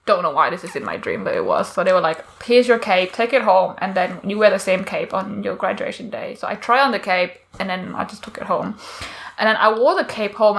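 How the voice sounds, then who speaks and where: A woman's voice: medium pitch, fairly bright tone. A woman, telling a personal story in a casual podcast chat, rambling with many fillers and laughter. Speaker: podcast co-host.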